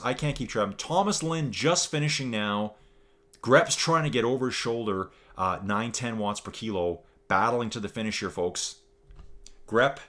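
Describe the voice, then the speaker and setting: His voice on the low side and a bit bright, a man in his forties from Canada offers chatty, upbeat commentary on a virtual cycling race. He frequently calls his audience "folks."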